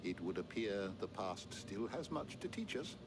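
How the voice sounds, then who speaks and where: A man's voice: lowish voice, animated, normal speed, background noise. An actor playing an eccentric old male scholar in a game, lecturing in a fussy, learned way.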